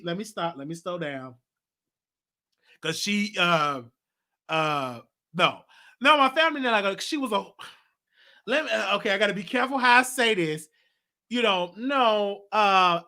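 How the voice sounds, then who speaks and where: A man hosting a show and telling a personal story in a rambling, animated way, with laughter and many restarts. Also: high-pitched. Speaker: talk show host. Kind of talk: casual storytelling monologue.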